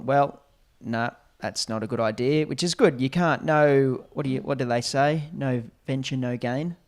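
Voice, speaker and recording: A man's voice: medium pitch, smooth. Laid-back man chatting on a podcast. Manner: laid-back, brief replies, understated humor. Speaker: podcast co-host, business co-founder. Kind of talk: casual chat.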